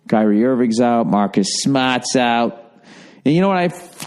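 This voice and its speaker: A man's voice: medium pitch, a little mellow. A man, hosting a podcast in a casual, profane, self-mocking rambling monologue. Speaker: podcast host.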